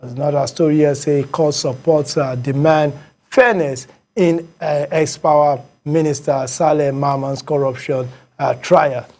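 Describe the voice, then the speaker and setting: A man's voice: fairly high pitch, steady tone, a little mellow. Man hosting a morning show. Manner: halting, many fillers, repeats headlines. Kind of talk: reading headlines and taking calls.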